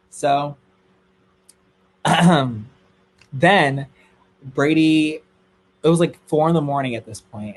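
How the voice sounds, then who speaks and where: Speaking slowly with long pauses, a young man spins a juicy, dramatic tale for viewers in a laid-back stream chat. When excitement takes over, his voice shoots up into squeals.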